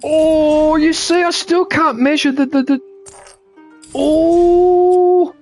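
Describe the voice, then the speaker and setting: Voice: high-pitched, steady tone, drawn-out words, darkish tone, faint music behind. A streamer giving live commentary while gaming, frustrated and swearing often, talking back at the game.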